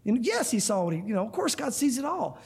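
Husky high-voiced man preaching earnestly. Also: very animated, fast, a little mellow. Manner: earnest, emphatic, addresses listeners as guys. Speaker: pastor. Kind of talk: sermon. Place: church room.

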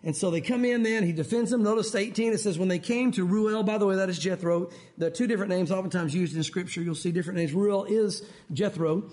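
A man's voice: high-pitched, quick pace, hardly any pauses. A man giving a conversational Bible teaching to a men's group. He tells stories in a chatty way and says "you know" often. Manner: chatty, sprinkled with "you know", animated storyteller.

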